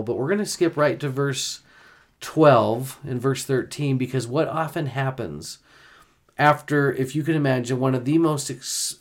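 Male podcast host, earnest scripture teacher, slows on key words. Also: mid-range voice. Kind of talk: gospel discussion podcast.

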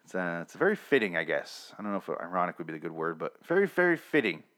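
A man's voice: sits low, very animated, fast, fairly bright tone. A man casually recapping a TV episode, with blunt, profane rants.

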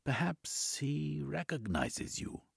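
Man putting on a gentle young woman, soft, worried, higher voice, husky, storybook reading. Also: very animated, slow, no room sound, clean studio sound, exaggerated voice.

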